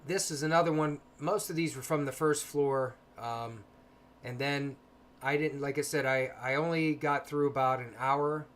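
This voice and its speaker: Soft-spoken man hosting a livestream. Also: mid-range voice, steady tone, moderate pace. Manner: soft-spoken, hesitant with many ums. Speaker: paranormal livestream host. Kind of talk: casual livestream talk.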